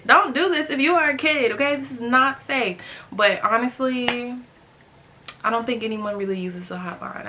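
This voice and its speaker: A young woman hosting a storytime vlog, chatty and animated, talking straight to her viewers and acting out other people's voices. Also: on the high side, a little hiss or hum. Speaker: vlogger host.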